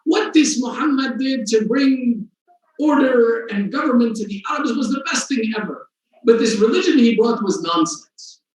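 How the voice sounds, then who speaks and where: A brash, scornful skeptic, as a preacher puts him on, mocking in a raised voice. The voice rings high and carries through a very echoey hall, picked up from well back. It sounds like a story retold from the pulpit. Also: male voice, expressive, fast, darkish tone. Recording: very echoey hall, distant mic.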